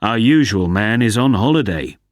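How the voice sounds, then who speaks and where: A man's voice: fairly low pitch, expressive, moderate pace, no room sound, studio quality, lightly acted. A man voicing a matter-of-fact policeman in a storybook reading.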